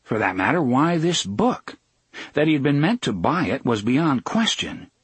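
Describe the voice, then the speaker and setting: Husky-voiced man narrating an audiobook. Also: mid-range voice, dry recording. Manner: measured, steady storytelling. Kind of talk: scripted narration.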